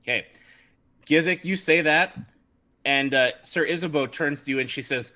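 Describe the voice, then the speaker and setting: A man narrating as game master of a tabletop game livestream, lively with frequent restarts. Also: on the high side, moderate pace. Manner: lively, laughing, many restarts.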